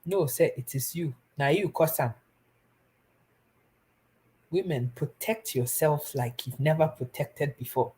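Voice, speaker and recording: This young Ghanaian woman hosts a live stream, offering earnest, pleading advice to her viewers while mixing Twi with English. Her voice is deep and warm, and she speaks unhurriedly with long pauses in this casual advice talk.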